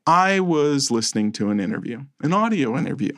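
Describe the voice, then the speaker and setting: A man co-hosting a casual podcast, his voice sitting at an ordinary middle pitch. He talks in an animated, playfully exaggerated way and hams up mock threats. The sound is dry and close, with no room echo. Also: brisk. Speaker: podcast co-host. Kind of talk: casual chat.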